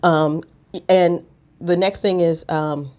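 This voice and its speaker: A woman co-hosting a relationship podcast in casual chat, chatty and animated. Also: lowish voice, slow pace. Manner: chatty, animated, laughs easily. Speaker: podcast co-host.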